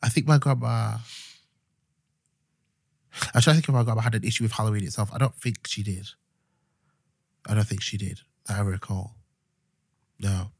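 A young man, co-hosting a podcast in relaxed, easygoing chat. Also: fairly low pitch, moderate pace, creaky, pauses often, no echo, clean studio sound. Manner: relaxed, easygoing with filler words. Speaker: podcast co-host. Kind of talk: casual chat.

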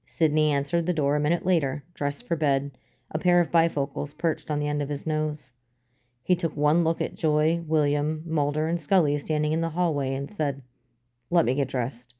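Low, mellow woman narrating a story. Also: level tone, normal speed. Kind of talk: audiobook reading of fan fiction.

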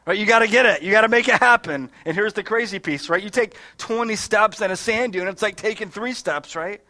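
A man from Michigan delivers a sermon in a storytelling way, slipping into quoted asides and restarting his phrases often. His voice sits high and sounds bright and forceful. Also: brisk. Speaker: pastor.

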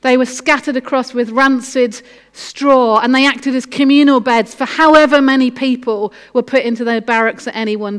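Woman preacher, earnest and encouraging, slightly high voice, echoey hall. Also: smooth. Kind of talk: sermon with a story read aloud.

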